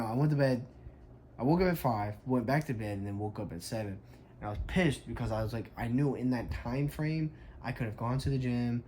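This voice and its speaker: A man's voice: medium pitch, dark tone, slight background noise. A young adult man, a fitness coach, tells a story in a casual vlog, emphatic and frank, with lots of "like".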